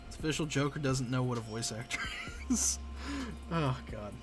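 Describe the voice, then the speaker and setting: A man's voice: mid-range voice, normal speed. Chatty male streamer with faint music. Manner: chatty, self-deprecating, laughs often. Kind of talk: casual live-stream chat.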